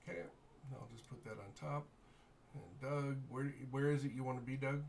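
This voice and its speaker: An easygoing man runs a tabletop game as game master, his voice at an ordinary middle pitch. He talks players through the setup, often muttering half to himself. A faint hiss of noise sits under his voice. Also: fairly even intonation, moderate pace, gravelly. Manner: easygoing, muttering to himself while fixing software. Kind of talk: running a tabletop game online.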